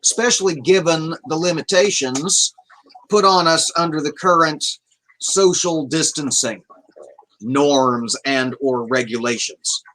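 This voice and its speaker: A man chatting on a casual livestream, rambling loosely and reading out messages from chat. His voice is bright and forward, and he swears in an offhand way. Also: on the high side, unhurried, rough recording. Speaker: livestream host.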